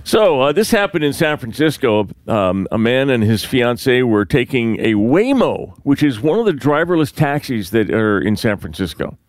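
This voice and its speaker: Guy recapping a news story on a chat show, lively up and down voice, lots of ums, dry sound. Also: medium pitch, moderate pace, hardly any pauses, no room sound. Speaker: news segment host. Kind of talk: casual talk-show chat.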